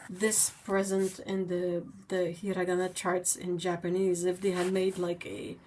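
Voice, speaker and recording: A woman's voice: fairly low pitch, monotone, measured pace, darkish tone, a little hiss or hum. A woman whose first language is French, hosting a livestream in a rambling, playful chat, often giggling and poking fun at herself. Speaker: livestream host. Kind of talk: casual chat while painting.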